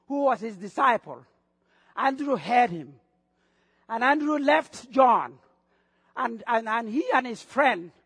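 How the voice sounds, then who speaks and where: A middle-aged man from Africa with an African accent, preaching a sermon as pastor, excitable and bursting into shouts, often repeating phrases. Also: very high-pitched, creaky, no room sound, studio quality.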